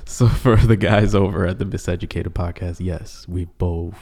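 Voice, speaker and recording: A man's voice: low voice, steady tone, normal speed, creaky, darkish tone. A man co-hosting a podcast, chatting casually and joking with frequent laughs. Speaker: podcast co-host.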